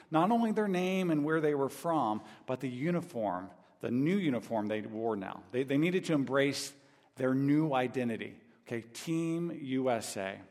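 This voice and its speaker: Pastor preaching in a reverberant hall. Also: male voice, medium pitch, a little mellow. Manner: storytelling with many restarts and "okay?" asides. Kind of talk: sermon. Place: large church hall.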